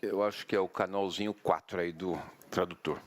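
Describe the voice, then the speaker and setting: A man with a Brazilian Portuguese accent opens a formal address in a measured way. His voice sits very low. He is speaking in a conference hall. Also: steady tone. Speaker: city mayor giving a speech. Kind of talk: formal speech.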